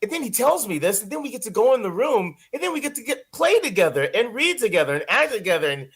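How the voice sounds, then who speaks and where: High-voiced man, rambling and expressive. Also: quick pace, husky. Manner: expressive, rambling with many restarts. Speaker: voice actor guest. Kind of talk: casual interview chat.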